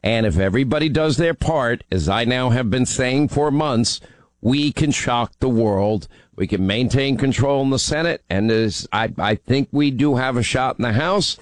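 A man's voice: mid-range voice, animated, normal speed, dry recording. A man hosting a call-in talk radio show, teasing his callers and then pressing his points with urgency.

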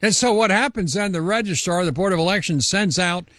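A man's voice: high-pitched, a little fast, fairly bright tone, no echo, studio quality. A man hosting a political talk radio show, rambling into long leading questions for his guest. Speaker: radio host.

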